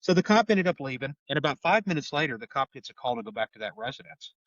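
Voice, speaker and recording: A man's voice: medium pitch, very animated, fast talker, a bit bright, no room sound, recorded from a distance, muffled recording. A middle-aged man with an Oklahoma accent, a homicide detective telling stories in a podcast interview in an earnest way, often repeating words. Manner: earnest, repeats words, acts out quoted voices.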